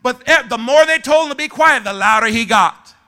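Male pastor preaching a fiery church sermon, pitched very high with a piercing, forceful tone. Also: expressive, brisk. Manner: impassioned preacher, shouts to the congregation for response. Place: church service.

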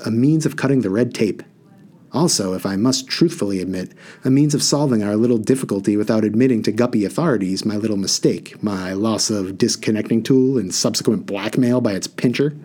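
A man voicing a brisk, fussy male water genie who speaks in clipped, slangy stock phrases. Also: fairly low pitch, mellow, husky.

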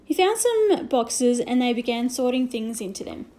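A woman reading a children's novel aloud with gentle storytelling and hushed asides. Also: on the high side, big pitch swings, normal speed. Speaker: reader.

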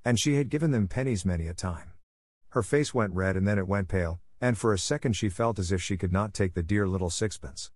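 Male audiobook narrator for a classic novel, low voice, dry close sound. Steady storytelling. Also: brisk, dry recording.

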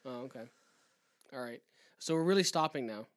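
A man's voice: mid-range voice, expressive, brisk. A man with a Canadian accent co-hosting a podcast, rambling and joking casually with a lot of swearing. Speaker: podcast co-host. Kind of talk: casual chat.

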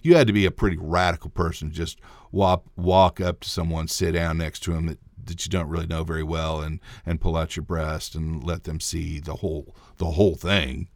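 A man's voice: low-pitched, level tone, normal speed, hardly any pauses, no echo, clean studio sound. Rambling, chuckling male podcast host. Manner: rambling, self-interrupting, chuckling storyteller. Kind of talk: casual solo podcast storytelling.

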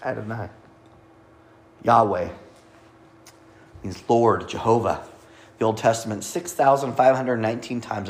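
A man's voice: mid-range voice, moderate pace, pauses often, slight background noise. A man preaching a sermon, explaining scripture and the names of God with light asides to his listeners. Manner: teaching, reading scripture aloud, light asides.

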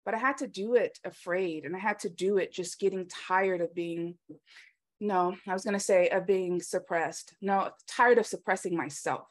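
A woman's voice: lowish voice, normal speed. A woman speaking in a casual conversation, telling personal stories with lots of ums. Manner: animated storytelling with frequent ums.

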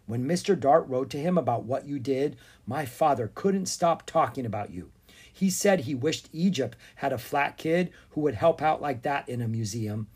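A storybook reader voicing a bold, brisk young girl who takes charge. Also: mid-range voice, expressive, a little mellow, husky. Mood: chatty. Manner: brisk, commanding. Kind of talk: storybook read-aloud.

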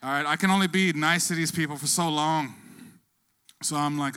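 A man telling a true story casually on stage, profane and animated, acting out the voices of the people involved. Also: fairly high pitch, normal speed, clear, resonant tone.

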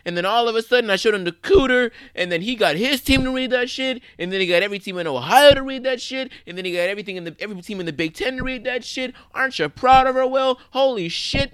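A man putting on the voice of an intense, brash woman football coach, shrill and shouty. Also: clean tone, dry recording, clean studio sound.

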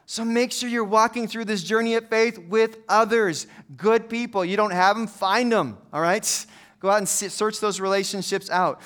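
Middle-aged male pastor, chatty humorous preacher, high and smooth. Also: fairly even intonation, normal speed, a bit bright. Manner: conversational, humorous storytelling preacher. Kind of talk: sermon.

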